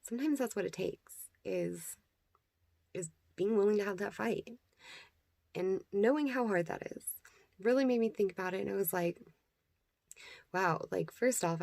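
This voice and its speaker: A woman's voice: mid-range voice, moderate pace, gravelly, darkish tone, no echo. A young woman hosting a casual self-care vlog, rambling and chatty, laughing often and sometimes dropping into whispers. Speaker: vlogger host.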